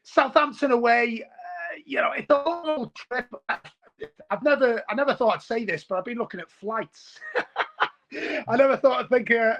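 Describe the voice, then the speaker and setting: A man from Wales in his forties, a football fan talking on a video call, excitable and rambling, calling everyone mate. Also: high-pitched, highs cut off. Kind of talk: casual podcast chat.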